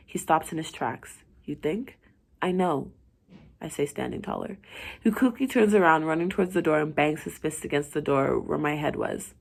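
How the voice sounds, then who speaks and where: A woman's voice: low-pitched, lively intonation, a little fast, creaky. A young woman casually reading her own story aloud, chatty and slangy and dropping into whispers at times. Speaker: story writer and reader.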